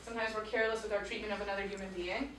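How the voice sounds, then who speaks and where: A woman in her thirties, a teacher telling a lively personal story to a school audience, acting out voices and dropping to quiet tones. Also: medium pitch, very fast, slight background noise. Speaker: teacher speaking to students. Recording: echoey room picked up from far off.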